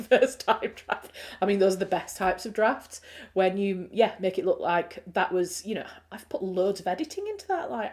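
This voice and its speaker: A woman's voice: medium pitch, darkish tone. A woman with a Yorkshire accent, a writer hosting a livestream, chatting casually and rambling as she reads out comments, laughing often. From Yorkshire, England.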